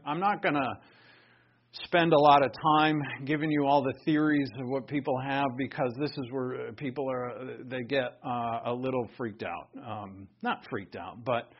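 A man's voice: medium pitch, highs cut off. A man teaching the Bible in an emphatic, conversational way, thinking aloud and restarting his sentences.

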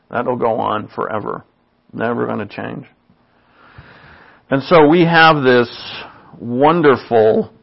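A preacher with a creaky, mid-range voice gives an informal, chatty sermon in a dull lo-fi recording. He often checks in with listeners by asking "right?" and laughs at his own asides.

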